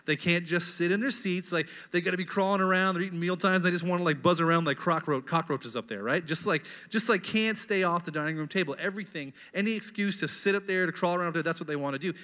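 A man in his thirties delivers a relaxed, talky sermon, tagging his points with "right?". His voice is bright and a bit high. It rings through a large church hall with a long echo. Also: quick pace, few pauses. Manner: chatty, keeps asking "right?". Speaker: pastor. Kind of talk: casual conversational sermon.

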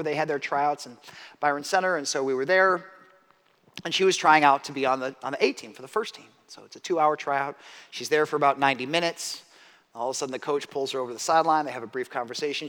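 A middle-aged man preaching a sermon, telling stories that swing from hushed asides to loud emphatic peaks. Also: medium pitch. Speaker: pastor. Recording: long hall reverb.

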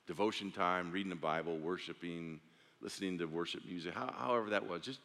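A male pastor with a deep voice preaches fairly quickly, earnest and conversational, with restarts and soft drops. The sermon echoes around the church sanctuary.

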